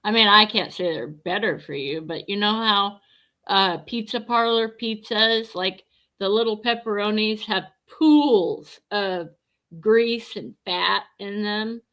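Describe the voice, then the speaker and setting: Slow, bright-voiced woman livestreamer. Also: mid-range voice. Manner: blunt, chatty, reads and answers viewer comments. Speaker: livestreamer chatting with viewers. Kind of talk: casual livestream chat.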